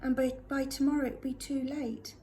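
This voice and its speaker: A woman reading aloud, voicing a weathered man who shouts urgent warnings over a storm. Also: sits high, level tone, moderate pace, slight background noise, natural voice.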